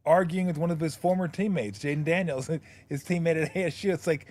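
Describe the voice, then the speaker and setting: A man's voice: a little high, brisk, a little mellow. Joking, profane male sports host. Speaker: radio show host, former player. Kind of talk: casual sports talk.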